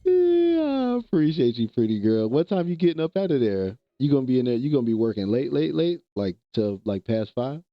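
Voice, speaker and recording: A man's voice: mid-range voice, lively intonation, fairly quick, few pauses, no room sound, muffled recording. A man streaming live, chatting casually with viewers in loose slang and laughing often.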